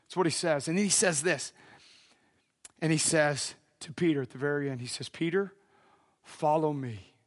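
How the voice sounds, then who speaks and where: A man's voice: a little high, a little fast. A man preaching a sermon, dramatic and casual, acting out the voices in a Bible story. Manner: casual slangy phrasing.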